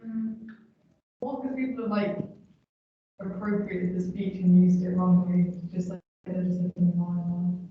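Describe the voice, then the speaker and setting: A woman's voice: lowish voice, flat delivery, a little slow, pauses often. A young woman student answering in a classroom discussion, hesitant and unsure. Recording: distant, echoey, dull.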